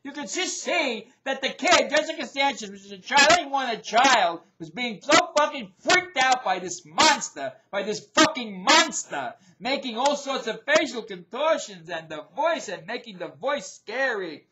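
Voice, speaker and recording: A middle-aged man hosting his own show, ranting in a loud, profane, repetitive way. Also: very high-pitched, very animated, moderate pace, few pauses, background noise. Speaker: show host. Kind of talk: ranting video commentary.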